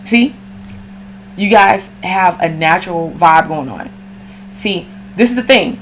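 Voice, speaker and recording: A woman's voice: on the low side, slow pace, slight background noise. A woman giving a casual, slangy astrology reading and talking straight to the viewer. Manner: slangy, chatty, addresses viewer directly. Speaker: astrology reader.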